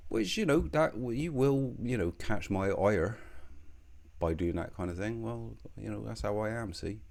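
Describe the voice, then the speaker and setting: Low, dark-voiced man ranting sardonically. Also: expressive, normal speed, creaky. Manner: profane, rambling, sardonic; puts on a mock accent. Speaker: online commentator. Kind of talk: ranting video commentary.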